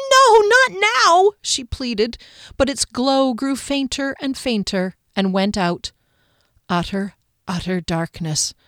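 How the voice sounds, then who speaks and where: A woman narrating an adventure story in an audiobook in a steady, measured way. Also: medium pitch, no room sound, studio quality.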